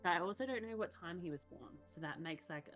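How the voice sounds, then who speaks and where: A woman with a New Zealand accent chats casually on a live stream, giggly and talkative. Her voice sits low, and the stream audio is dull and lo-fi. Faint music plays underneath. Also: animated, quick pace, a bit bright. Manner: giggly, chatty, reads out viewer comments. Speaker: streamer host.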